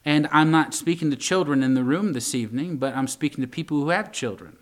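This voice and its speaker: A man's voice: on the high side, a little fast. Man preaching a sermon in a conversational way. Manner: conversational preaching with asides to the congregation. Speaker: pastor.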